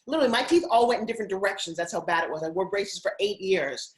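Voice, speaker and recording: A middle-aged woman from Long Island speaks as a guest on an interview show. Her voice sits at an ordinary middle pitch. She talks in an upbeat, persuasive, storytelling way with plenty of animation. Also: animated, quick pace, rough recording. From Long Island, United States. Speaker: guest, TV host and spokesperson. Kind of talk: motivational interview talk.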